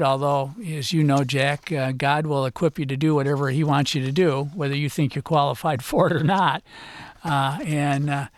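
An older man answering radio interview questions as an author and guest, halting and hesitant, often trailing off quietly. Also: on the high side, no room sound.

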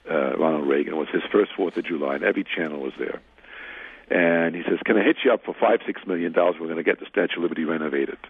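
A man's voice: low voice, husky, no echo. An older man telling a long anecdote as an interview guest, acting out the other people's lines as he goes. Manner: rambling, animated retelling with quoted dialogue. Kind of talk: anecdotal storytelling. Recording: tinny phone-like line.

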